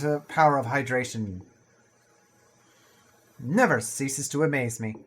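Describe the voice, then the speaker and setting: A man's voice: mid-range voice, measured pace. A man talking casually through a survival building game, chatty and playful with jokey asides. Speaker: gaming video creator. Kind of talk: casual let's-play commentary.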